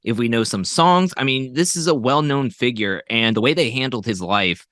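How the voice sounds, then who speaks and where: A man's voice: medium pitch, moderate pace, a bit bright, no echo, studio quality. A man co-hosting a podcast, giving his movie opinions casually with a lot of hesitation. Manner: hesitant, many fillers and restarts. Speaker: podcast guest co-host. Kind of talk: casual movie review chat.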